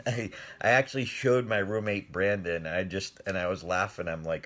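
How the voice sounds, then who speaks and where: Animated middle-aged man telling a story. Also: fairly low pitch, normal speed. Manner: animated, laughs often, talks to viewers' comments. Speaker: speaker telling a story on a live stream. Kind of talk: casual storytelling.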